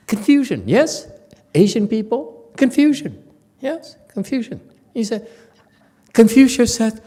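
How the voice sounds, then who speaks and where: A man's voice: very high-pitched, sing-song, unhurried, long pauses, warm tone, slightly rough. A male Buddhist teacher giving an informal Dharma lecture in a meditation center hall, speaking bluntly and scolding, repeating words for emphasis.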